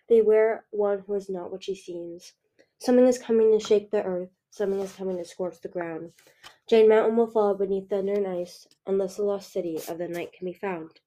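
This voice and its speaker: Woman voicing a gentle female dragon seer, soft calm voice, storybook reading. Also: mid-range voice, dull audio, natural voice. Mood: solemn.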